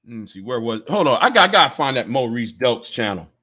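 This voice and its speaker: A man's voice: mid-range voice, sing-song, fast, pushed and bright, breathy edge. A man hosting a casual livestream, angry, swearing constantly and stammering over repeated words. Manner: profane, stammering repetitions. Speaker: livestream host.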